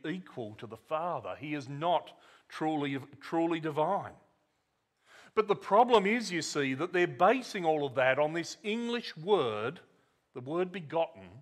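Slow, emphatic male preacher. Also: fairly high pitch. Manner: deliberate, emphatic, with repeated words and sharp drops in volume. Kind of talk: sermon.

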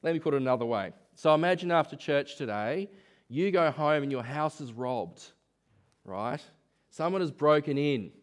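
A man's voice: fairly high pitch, animated, moderate pace. A man preaching a sermon in church, talking conversationally and asking rhetorical questions.

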